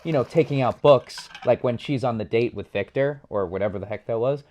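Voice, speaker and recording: A young man co-hosting a casual movie review podcast, relaxed and laughing often as he quotes lines. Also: mid-range voice, a little fast. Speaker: podcast co-host.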